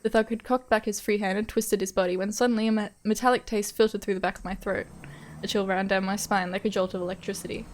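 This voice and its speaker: A woman's voice: mid-range voice, fairly even intonation, quick pace, slight background noise. A young woman streamer reading a visual novel aloud, breaking off into chatty, swearing asides and frequent laughs.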